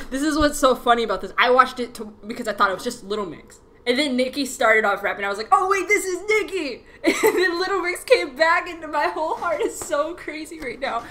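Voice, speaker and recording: A woman's voice: on the high side, fairly bright tone, slight background noise, low-quality recording. A young woman vlogger reacting to a music performance, gushing and squealing with laughter. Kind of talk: excited reaction vlog.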